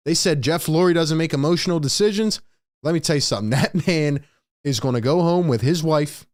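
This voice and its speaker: A man's voice: a little high, lively intonation, normal speed, no echo, clean studio sound. A man hosting a live-stream sports commentary, ranting in exasperation to his chat. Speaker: sports talk host.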